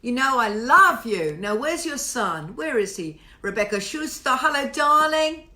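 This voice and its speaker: A woman's voice: a little high, big pitch swings, unhurried, pushed and bright. A middle-aged woman hosting a casual livestream from home, greeting viewers by name with effusive, gushing chat and the odd swear.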